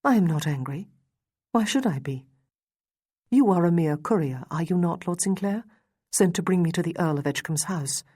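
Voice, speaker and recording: A prim young schoolteacher, prickly and clipped in her indignation, voiced by a woman reading aloud. Her voice sits on the low side. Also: lively intonation, normal speed, dark tone, slightly rough, dry recording, clean studio sound. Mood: cool.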